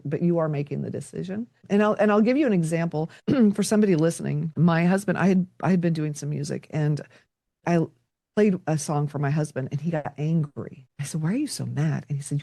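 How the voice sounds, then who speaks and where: A woman's voice: low-pitched, brisk, mellow, dry recording, studio quality. A middle-aged woman, a podcast guest, talking reflectively and telling stories with quoted dialogue. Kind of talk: conversational interview.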